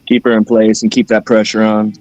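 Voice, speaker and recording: A man's voice: fairly low pitch, completely flat delivery, fairly quick, darkish tone, soft background music. A man playing a tabletop game, talking loosely and joking with casual swearing. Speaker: player. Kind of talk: casual game-night chat.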